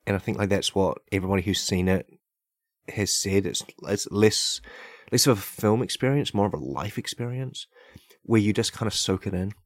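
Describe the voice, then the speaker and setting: At a moderate pace, a fairly low-voiced man hosts a podcast, rambling through a comedy monologue heavy on "like" and unanswered "right?". He offers deadpan, mock-sincere praise for silly ideas, recorded close and dry on a podcast mic with no echo.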